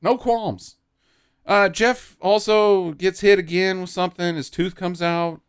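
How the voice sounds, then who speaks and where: A man's voice: unhurried, smooth. A man co-hosting a comedy podcast, recapping a movie scene by scene and acting out the characters in silly voices. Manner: animated, swings pitch wildly, acts out scenes in silly voices. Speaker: podcast co-host.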